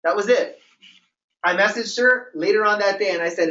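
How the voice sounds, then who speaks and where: A man's voice: sits high, normal speed, sharp tone. Guy coaching a crowd, keeps saying okay?, punchy and repetitive, sounds far off in a big echoey room, kinda muffled. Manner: repetitive, emphatic coaching with frequent "okay?" check-ins. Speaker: business trainer. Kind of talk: motivational training talk to a group. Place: meeting room with a live audience. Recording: roomy, distant, dull sound.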